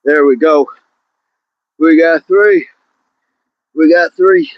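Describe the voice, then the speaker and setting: A man's voice: fairly high pitch, slow pace, dry recording, highs cut off. A man hosting a live outdoor workout on a hill, exercising as he talks, counting down reps and greeting chat viewers by name. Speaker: fitness livestream host.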